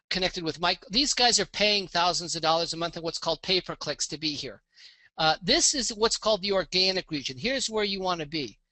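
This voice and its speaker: A man presenting a live online business pitch, walking through a website demo with an upbeat sales manner and frequent "okay?" check-ins. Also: bright, forceful tone, no room sound. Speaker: webinar presenter.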